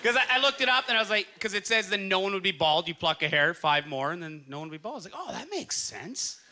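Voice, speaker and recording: A Canadian comedian with a high-pitched voice and steady tone rattles off his stand-up set rapid-fire on a club stage. He's animated and laughs through his punchlines. The live recording is heavy with loud crowd noise and audience laughter.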